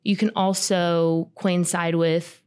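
A woman's voice: on the low side, little pitch movement, slow, a little mellow, clean tone. A woman guest on a podcast, sincerely and reflectively sharing her personal faith story.

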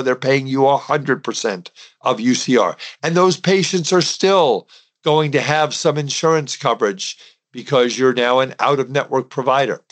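A middle-aged man speaking on his own podcast, with a voice of ordinary pitch for a man. He lectures in an emphatic, soapbox way and talks straight to his listeners. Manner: emphatic, preachy, addresses listeners directly. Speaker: podcast host and dental CPA. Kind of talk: podcast monologue.

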